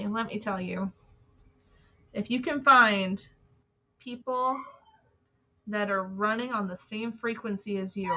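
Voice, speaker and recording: A woman's voice: mid-range voice, bright, forceful tone, a little hiss or hum. A woman hosting a casual spiritual live-stream, bubbly and gushing, chatting with fillers and reading quotes aloud. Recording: dull lo-fi stream audio.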